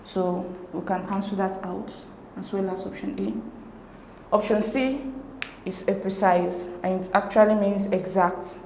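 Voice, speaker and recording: A woman explaining exam answers as a tutor, reading each option in a measured, methodical way. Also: medium pitch, flat delivery, warm tone. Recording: roomy echo with faint hiss.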